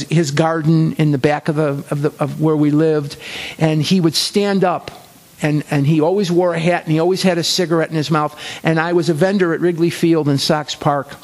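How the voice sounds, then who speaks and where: A man's voice: fairly high pitch, gravelly. A man telling his life story in an earnest way, repeating phrases for emphasis. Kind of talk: personal storytelling talk.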